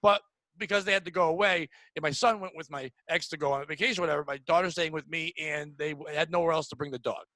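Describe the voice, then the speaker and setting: A man's voice: a little high, fast talker, bright, forceful tone, dry recording, poor audio. A middle-aged man hosting a podcast, venting bluntly and profanely in casual chat. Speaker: podcast host. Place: home room.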